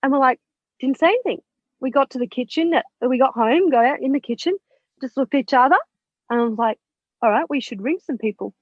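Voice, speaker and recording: A high-pitched woman in her thirties tells a personal story with feeling, slipping into the voice of her past thoughts and swearing freely. Her voice sits dry and close, with muffled, lo-fi sound. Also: fairly quick, no echo. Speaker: podcast guest.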